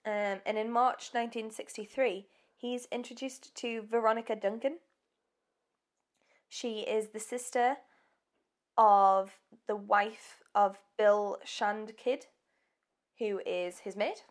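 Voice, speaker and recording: A woman's voice: fairly high pitch, fairly even intonation, slow. A woman co-hosting a casual true-crime podcast, telling the story in a chatty, giggly way with many ums. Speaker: podcast co-host.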